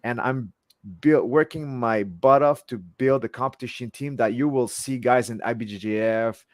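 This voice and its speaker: A man's voice: medium pitch, moderate pace, dry recording. Dry, eager French-accented man in his forties. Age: 40s. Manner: passionate, eager, often repeats and restarts words. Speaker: jiu-jitsu instructor, guest. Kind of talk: casual interview chat.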